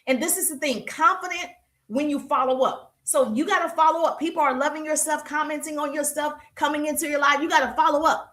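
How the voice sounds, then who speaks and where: Woman, live-stream sales coach, upbeat and repetitive, fairly high voice. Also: a little fast, reverberant. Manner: energetic, repetitive, laughs often. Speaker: social media sales coach.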